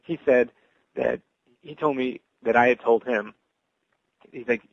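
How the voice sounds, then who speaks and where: A man giving an earnest, halting personal testimony as a Christian evangelist, full of restarts. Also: medium pitch, animated, vocal fry, no echo, lo-fi sound.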